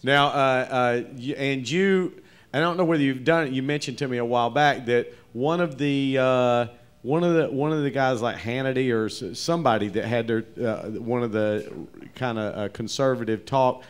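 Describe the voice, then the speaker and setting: A male host is conducting a live interview on a comedy theater stage. His voice sits at an ordinary pitch. He works his way toward each question through false starts and restarts. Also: moderate pace, clean tone. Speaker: interview host, club owner.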